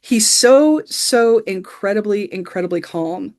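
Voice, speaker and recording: A woman's voice: mid-range voice, expressive, unhurried, darkish tone. Middle-aged woman rambling happily about a movie on a podcast, lots of "you know"s, keyed up. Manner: enthusiastic, rambling, with frequent "you know" fillers. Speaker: podcast co-host. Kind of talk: casual film review chat.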